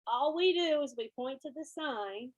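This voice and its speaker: A woman's voice: high-pitched, measured pace, low-quality recording. A woman band director, giving a presentation and acting out quotes as she tells stories. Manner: lively storyteller, acts out quotes. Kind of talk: conference presentation.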